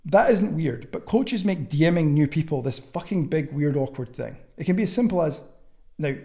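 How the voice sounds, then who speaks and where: A young man teaching online coaching in a blunt, sweary, casual way, acting out text chats as quick little scenes. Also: on the high side, lively intonation, warm tone. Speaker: online fitness coaching mentor. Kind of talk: casual teaching with acted-out message examples.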